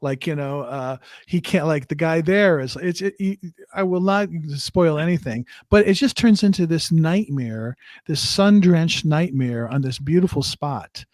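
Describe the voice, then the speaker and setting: A man's voice: on the high side, a little slow, few pauses, a little mellow, no room sound, clean studio sound. A man co-hosting a casual film review, retelling the plot in a rambling way with restarts.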